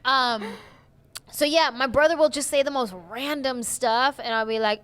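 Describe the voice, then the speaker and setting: A young woman comedian chatting in an interview, animated and full of "like" and "you know". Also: fairly high pitch, moderate pace, gravelly. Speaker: comedian guest. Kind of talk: casual interview chat.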